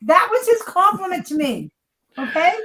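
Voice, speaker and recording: A woman co-hosting a casual chat, telling animated, teasing stories about her husband. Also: extremely high pitch, moderate pace, rough recording. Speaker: co-host, creator's wife.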